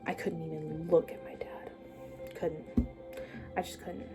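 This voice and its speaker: A young woman telling her own life story to the camera, halting and hesitant with many pauses, sometimes dropping to a near-whisper. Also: sits low, flat delivery, over music.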